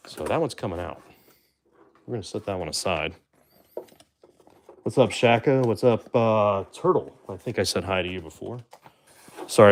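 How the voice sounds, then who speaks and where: A man with a low, deep voice hosts a live stream in a relaxed, chatty way. He talks loosely with plenty of fillers and asides to his viewers. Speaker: livestream host opening baseball card boxes. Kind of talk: casual live-stream commentary.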